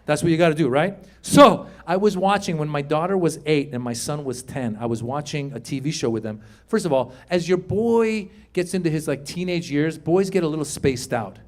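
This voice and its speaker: A man's voice: on the high side, moderate pace, hardly any pauses. A middle-aged man doing stand-up comedy on stage, telling stories and acting out dialogue. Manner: animated storytelling, acting out dialogue. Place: comedy stage before a live audience. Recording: live show with faint crowd noise.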